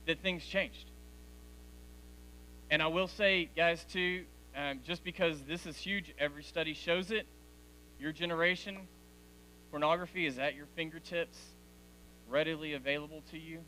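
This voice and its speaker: Man, 40s, youth speaker, bright and slightly high voice, talks straight to the teens, faint hiss behind. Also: moderate pace, long pauses, poor audio. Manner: direct, conversational, addresses teens as guys. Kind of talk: youth sermon.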